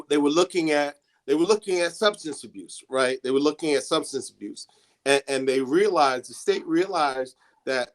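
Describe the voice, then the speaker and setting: Halting man, slightly raised pitch. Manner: halting, many restarts and fillers. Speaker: student assistance coordinator. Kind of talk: classroom talk to students.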